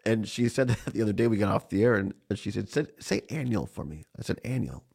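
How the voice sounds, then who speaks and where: Chatty man, gravelly husky voice. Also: on the low side, fast talker, darkish tone. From Southwest Wisconsin. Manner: chatty, laughs often. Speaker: radio co-host. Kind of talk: morning radio chat. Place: on location at a ski race.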